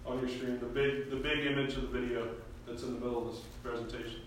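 A man teaching a Bible class in a relaxed, conversational way. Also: medium pitch, fast, a little hiss or hum. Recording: echoey room.

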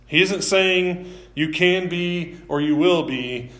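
A man preaching a sermon as pastor, talking in a relaxed, conversational way with self-deprecating asides, live-streamed from a church. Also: fairly high pitch, a little slow.

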